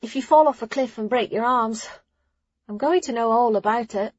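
A woman's voice: a little high, moderate pace, husky, no room sound, dull audio, pitched above the performer's own voice. A woman voicing a teasing, affectionate young novice girl.

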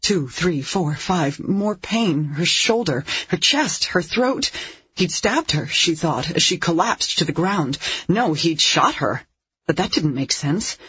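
An audiobook narrator reading a dark thriller in a measured, tense way. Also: medium pitch, animated, slightly rough, no room sound. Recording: dull lo-fi recording.

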